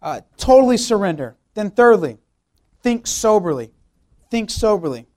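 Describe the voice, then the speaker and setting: A man's voice: high-pitched, sing-song, moderate pace, a little mellow. A young man, a youth pastor, preaching a sermon with emphatic repeated phrases and rhetorical questions.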